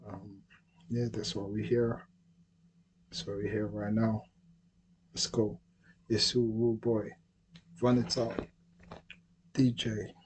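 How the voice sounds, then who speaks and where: A man's voice: on the low side, little pitch movement, takes it slowly, pauses often, a little hiss or hum, low-quality recording. A man hosting his own livestream, talking in a laid-back, slangy way and often checking that listeners follow him. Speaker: livestream host. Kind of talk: casual livestream chat.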